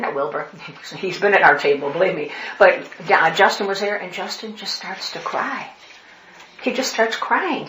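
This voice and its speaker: A woman's voice: mid-range voice, sharp tone. An older woman telling funny church stories at a women's conference, laughing often and acting out the voices of people she quotes. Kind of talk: storytelling talk with humor. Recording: echoey hall, faint noise.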